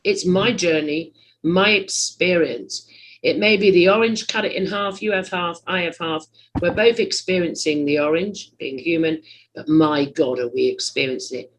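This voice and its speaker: A podcast host in a rambling, teasing conversational interview, often searching for words, with big swings in pitch and loudness. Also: moderate pace, slight background noise, poor audio.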